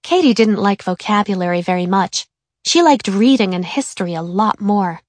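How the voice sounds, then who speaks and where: A woman reading a children's chapter book aloud in a clear, even storytelling manner. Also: medium pitch, moderate pace, dry recording. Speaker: narrator. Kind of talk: scripted children's book narration.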